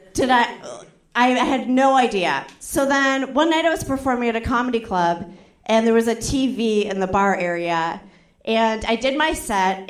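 A young woman with a high, bright-sounding voice tells a comic story on stage, full of "like" and acted-out quotes. The sound carries a noticeable echo from the venue around her. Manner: animated, acts out quotes with voices, frequent "like". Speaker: stand-up comedian. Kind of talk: stand-up storytelling.

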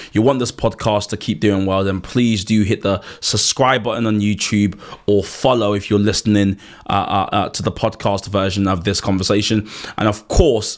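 A man hosting a podcast, asking earnest questions and urging listeners to subscribe and share. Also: lowish voice. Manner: earnest, repeats words, urges listeners directly. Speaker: podcast host. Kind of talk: interview questions and podcast outro.

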